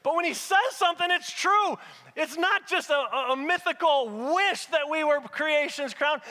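A man with a high-pitched, squeaky voice preaching a sermon, speaking to the congregation directly in rhythmic, repeated phrases with touches of humor. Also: expressive, a little fast, sharp tone, big-room sound.

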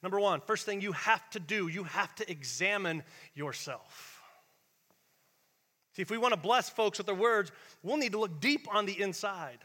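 A man pastor preaching a Sunday sermon, animated and conversational, acting out the voices he quotes and swinging from loud bursts to hushed asides. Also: high voice, moderate pace, in a large hall.

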